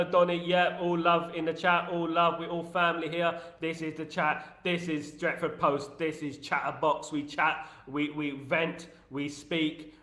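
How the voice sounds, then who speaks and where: A man hosts a casual live stream, ranting with passion and breaking off to greet viewers in the chat. His voice sits a little high. The room gives it a roomy echo. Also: fairly bright tone. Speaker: host of a fan live stream.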